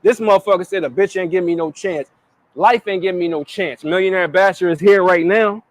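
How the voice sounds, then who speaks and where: A man handing out crude dating advice with swagger and heavy emphasis, swearing freely. His voice sits high for a man. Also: fairly quick. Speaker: livestream guest giving dating advice. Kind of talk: brash profane dating advice.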